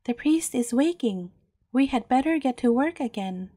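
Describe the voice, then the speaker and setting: Timid boy pupil, high and nervous, a woman putting him on for a bedtime storybook. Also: animated, normal speed, warm tone, dry recording, studio quality. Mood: urgent. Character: frightened young boy pupil.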